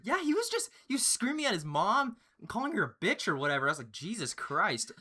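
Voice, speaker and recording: A young man telling a story in casual chat, excitable and profane, often breaking into laughter. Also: sits high, fast. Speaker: storyteller, channel host.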